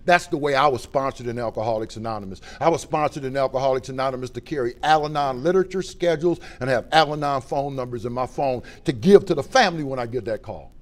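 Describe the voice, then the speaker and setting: A middle-aged man speaks in a voice of ordinary pitch, telling his own story in a folksy, plain way. He swings from loud, punchy lines to low, quiet ones as he talks to a meeting. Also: quick pace, hardly any pauses. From Ohio. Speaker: recovery speaker. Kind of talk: personal testimony talk.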